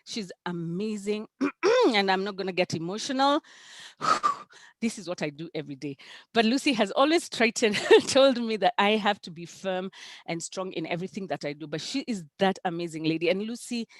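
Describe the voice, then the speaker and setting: A woman giving an animated, emphatic testimonial about her business mentor on a group video call. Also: mid-range voice, fairly quick, dry recording. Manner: animated, emphatic, repeats "let me tell you". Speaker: business team member giving a tribute.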